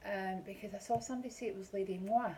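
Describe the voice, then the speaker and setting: A woman's voice: medium pitch, steady tone, racing, darkish tone, poor audio. A middle-aged Scottish woman vlogging an unboxing in a casual, rambling way, with many ums. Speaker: beauty vlogger.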